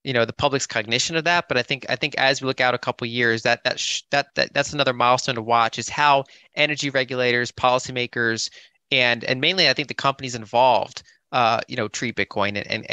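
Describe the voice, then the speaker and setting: Hesitant man on a panel, bright voice. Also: medium pitch, fairly even intonation, a little fast, clean tone, dry recording. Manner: hesitant, many restarts and fillers. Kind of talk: conference panel discussion.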